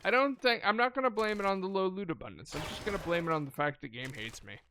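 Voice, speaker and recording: Animated young man swearing at a game. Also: fairly high pitch, fast, background noise. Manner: chatty, swears and talks to the game. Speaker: gameplay streamer. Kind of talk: casual gameplay commentary.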